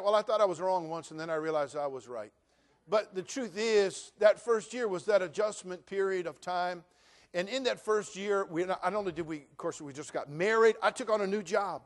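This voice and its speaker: A man in his sixties, a pastor preaching a sermon, telling humorous stories and then building to loud preaching. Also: sits high.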